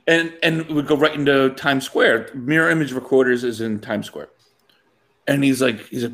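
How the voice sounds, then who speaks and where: A man's voice: medium pitch, moderate pace, creaky, fairly bright tone. A man casually telling a long funny story to a co-host, acting out the people in it and laughing often.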